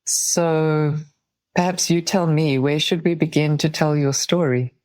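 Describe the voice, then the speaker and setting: A woman hosting a podcast, asking calm, measured, curious questions. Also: low-pitched, no echo. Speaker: podcast host. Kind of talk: interview questions.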